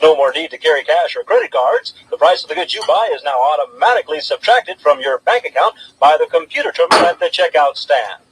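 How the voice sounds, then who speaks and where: A man voicing a cheesy television pitchman in a spoof commercial, with a salesy sing-song delivery. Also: sing-song, fast talker, gravelly, few pauses, background noise. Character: cheesy male TV pitchman selling barcode implants.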